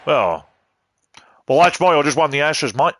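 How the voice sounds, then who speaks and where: A man's voice: a little high, expressive, normal speed, fairly bright tone, dry recording. A man giving casual, rambling gaming commentary, full of swearing and cheeky jabs.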